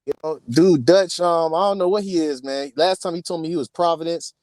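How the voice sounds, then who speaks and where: A man's voice: a little high, brisk, a little mellow, no room sound. A man hosting a podcast, teasing his co-host in playful, repetitive casual chat. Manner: teasing, playful, repeats himself.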